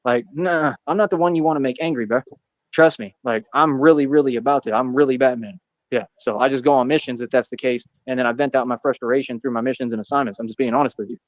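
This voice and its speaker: A man rattles off a boastful, defiant monologue at a rapid clip, his voice pitched a bit high. The sound is dull and muffled, with a dry, close feel. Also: no room sound. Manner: boastful, defiant, rapid slang-filled talk. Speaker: streamer in a played clip.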